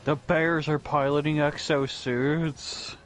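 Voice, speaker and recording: A man's voice: fairly high pitch, flat delivery, slow, soft background music. A man co-hosting a casual anime review podcast, making dry, laid-back, matter-of-fact remarks. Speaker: podcast co-host.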